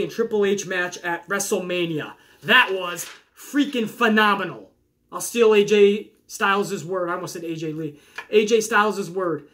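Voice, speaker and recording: A young man talks in a high, bright voice, hosting a loose, chatty podcast. He reads listener questions aloud and answers them with lively enthusiasm, sometimes trailing off and doubling back. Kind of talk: casual chat.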